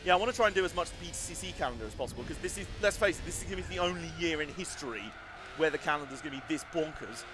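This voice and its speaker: A man's voice: fairly high pitch, lively intonation, very fast, over music. A man chatting casually and self-deprecatingly as he live-streams a racing game, wandering into side stories.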